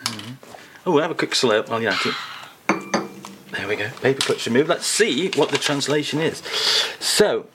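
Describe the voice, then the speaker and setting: A man's voice: normal speed, very noisy. A man hosting a playful, joking chat at a table. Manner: playful, joking, lively rises in pitch. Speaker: host. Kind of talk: casual chat.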